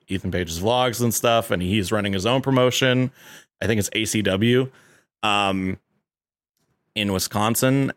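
A man's voice: lowish voice, fairly bright tone, no echo, clean studio sound. A man hosting a casual podcast chat, rambling with lots of fillers and restarts and laughing often.

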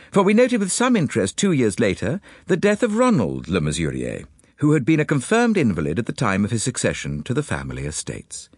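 Male audiobook narrator, measured, very expressive, dry close studio sound. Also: lowish voice, no echo. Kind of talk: first-person scripted narration.

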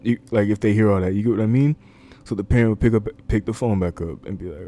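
Deep-voiced man giving an earnest, casual sermon. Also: fast, warm tone. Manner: earnest, repetitive, conversational with fillers. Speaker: preacher. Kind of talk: informal sermon. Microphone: desk microphone.

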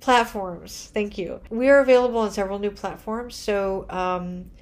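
Medium in pitch and moderate in pace, this woman's voice comes from a podcast host chatting casually. She sounds exhausted and punch-drunk, wandering off on tangents, making self-deprecating jokes, and laughing a lot.

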